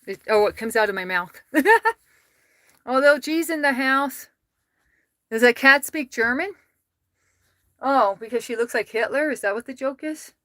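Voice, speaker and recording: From her home in the United States, a woman hosts a casual livestream, reading comments aloud, laughing a lot, and talking to her cats. She speaks in a mid-range voice that sounds pushed and bright, with no room sound.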